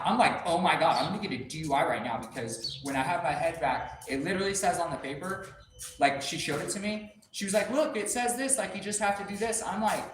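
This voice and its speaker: A man telling a rambling, profane story in casual talk, acting out other people's lines as he goes. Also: on the high side. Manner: animated, swears a lot, acts out others' lines. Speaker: shop vlogger telling a story. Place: car workshop. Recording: echoey room with faint noise.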